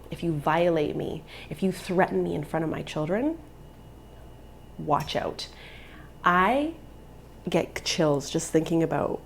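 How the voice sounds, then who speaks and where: A woman's voice: low-pitched, gravelly, a little mellow, slight background noise. A woman in her thirties, a vlogger and mother, telling a personal story in an earnest, emotional way.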